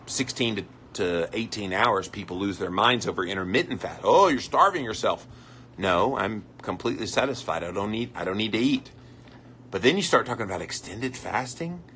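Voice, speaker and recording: Male live-stream host, lower voice with a bright forceful edge, chatty and reactive. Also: a little hiss or hum. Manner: conversational, reads out comments and reacts with mock voices. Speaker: health podcaster hosting a live stream. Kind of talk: casual live-stream chat answering viewer comments.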